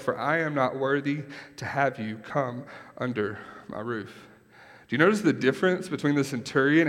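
A man preaching a sermon in a relaxed, conversational way, often pausing to check in with his listeners. His voice sits at an ordinary middle pitch, and a long hall reverb trails behind each phrase. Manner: conversational, keeps asking "right?". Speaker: pastor.

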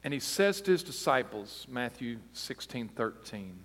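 A man's voice: medium pitch, big pitch swings, measured pace, few pauses. Man preaching emphatically in a reverberant hall. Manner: emphatic, rising to loud intensity on key phrases. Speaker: pastor. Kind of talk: sermon.

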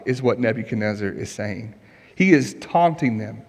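A man's voice: on the low side, animated, normal speed, a little mellow, husky. Earnest preacher man in a reverberant hall. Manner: earnest, emphatic preaching with rhetorical questions. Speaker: pastor. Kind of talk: sermon. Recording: long reverb of a large hall.

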